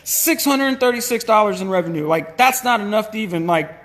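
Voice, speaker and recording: An animated man tells his story in a casual way, often restarting and acting out old conversations. His voice sits high for a man, and a long reverb trails behind him in the room. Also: brisk. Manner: animated, restarts and acts out past dialogue. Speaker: small business owner telling his faith story.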